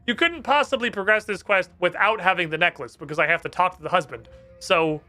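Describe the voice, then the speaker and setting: A man streams a game with casual, sarcastic commentary, swearing freely and tossing out quick asides. His voice sits fairly high with a bright edge. Faint game music plays underneath.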